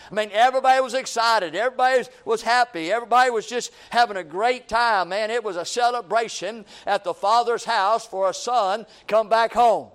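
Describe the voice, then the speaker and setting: A man's voice: high voice, a little fast, hardly any pauses, fairly bright tone, clean tone. A man preaching a sermon in a repetitive, rhythmic cadence, calling his listeners friend.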